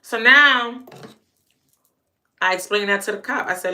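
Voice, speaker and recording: A woman's voice: on the low side, measured pace, pauses often, sharp tone. A young adult woman vlogger telling a personal story to camera in a blunt, emphatic way, often stuttering through repeated words.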